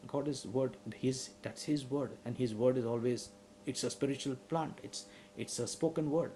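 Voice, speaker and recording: A man preaching a sermon who asks his listeners questions and rises to loud, emphatic passages. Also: mid-range voice, normal speed, slight background noise, rough recording.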